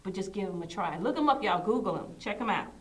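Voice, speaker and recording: A woman's voice: medium pitch, lively intonation, fast. A woman hosting a casual pop culture chat show, talking in a chatty, enthusiastic way and laughing often. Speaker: host.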